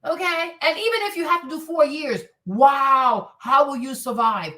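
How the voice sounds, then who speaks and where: High-voiced woman ranting from a distance. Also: moderate pace. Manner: animated, blunt and profane, breaks into laughs and shouts. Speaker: commentary streamer. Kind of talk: casual reaction commentary.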